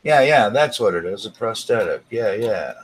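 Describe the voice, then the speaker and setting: A man's voice: fairly low pitch, expressive, moderate pace, husky. A man hosting a casual live stream from his living room, chatting with guests while he tinkers and mutters.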